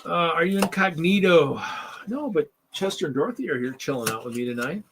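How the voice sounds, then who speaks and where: A man hosts a casual live stream and rants with exasperated sarcasm, often circling back over the same words. His voice sits a little high and sounds bright and forceful. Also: animated, fairly quick, a little hiss or hum. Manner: ranting, exasperated, sarcastic, repeats himself. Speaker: host of a live toy-hobby stream.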